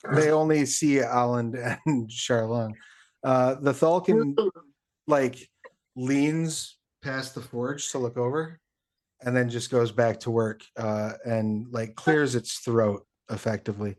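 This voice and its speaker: This is a man acting as game master for a tabletop session, talking at an everyday pitch. He is loose and chatty, with fillers between his rules calls. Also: fairly even intonation, slow, a little mellow. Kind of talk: running a tabletop game online.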